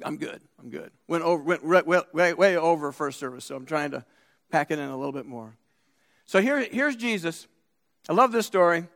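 A pastor preaching a sermon in a church, his voice sitting fairly high for a man. He tells stories emphatically and acts out the characters' quotes, often restarting his sentences. The sound carries a long reverb from the hall. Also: a bit bright. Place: church sanctuary.

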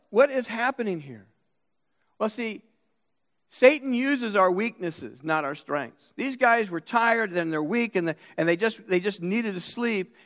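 A pastor preaching a sermon in a church, his voice sitting fairly high for a man. He tells stories emphatically and acts out the characters' quotes, often restarting his sentences. The sound carries a long reverb from the hall. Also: a bit bright. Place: church sanctuary.

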